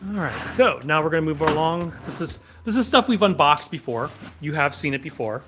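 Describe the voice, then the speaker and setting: A man's voice: on the high side, fairly quick, noisy background. A man hosting a sword shop livestream in a back room, chatting casually and answering viewer questions. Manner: relaxed, rambling, answers chat questions.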